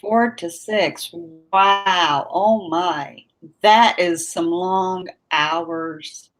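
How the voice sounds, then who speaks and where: Slow-talking woman hosting a live chat. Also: on the low side. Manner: laughs often, drawls words out. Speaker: livestream host chatting with viewers.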